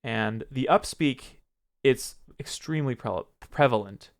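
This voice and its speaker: A young man with a smooth, clear voice talks straight to his viewers in a relaxed advice vlog. He pauses often to find his next words. He admits to his own speech habits in a frank way. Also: medium pitch. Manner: reflective, pauses often while choosing words; self-critical about his own speech. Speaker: streamer and video creator. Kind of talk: casual advice talk to camera.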